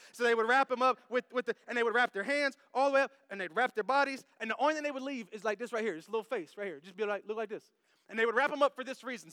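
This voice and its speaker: Male pastor, sermon, playful and lively with the congregation, dry close sound. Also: very high-pitched, dry recording. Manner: animated, jokey, talks directly to the congregation. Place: church service.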